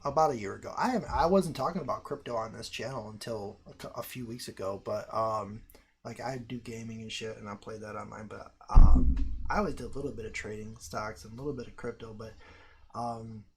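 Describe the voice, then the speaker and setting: Profane, rambling American livestream host. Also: male voice, lowish voice, a little fast, slight background noise. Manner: profane, rambling, loud outbursts. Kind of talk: casual livestream chat.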